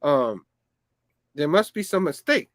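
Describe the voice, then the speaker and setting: A man's voice: a little high, sing-song, takes it slowly, a bit bright, no echo, studio quality, pitched below the performer's own voice, heavily acted. A man doing a polite office assistant woman. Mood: apologetic.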